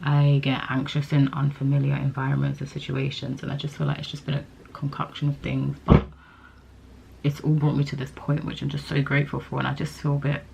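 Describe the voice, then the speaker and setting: A twenty-something woman talks straight to her camera in a rambling, candid vlog, chatty and open about her feelings. Her voice sits low and carries a gravelly, vocal-fry edge. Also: completely flat delivery, brisk, muffled recording, noisy background. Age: 20s. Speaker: vlogger. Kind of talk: casual talking-to-camera vlog.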